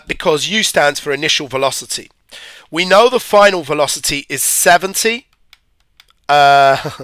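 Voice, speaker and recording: A man's voice: fairly high pitch, bright, forceful tone, no room sound, studio quality. Chatty man teaching physics. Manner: chatty, rambling, asides to viewers. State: hay fever. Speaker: physics tutor. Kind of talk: live-stream exam revision lesson.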